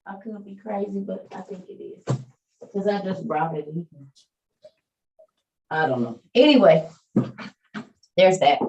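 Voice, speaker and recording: A woman's voice: fairly low pitch, animated, a little slow, pauses often, darkish tone, far from the mic, dull audio. Chatty woman hosting a video call. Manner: chatty, addresses listeners as y'all, preachy about faith. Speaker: online meeting host. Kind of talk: casual chat and encouragement to listeners.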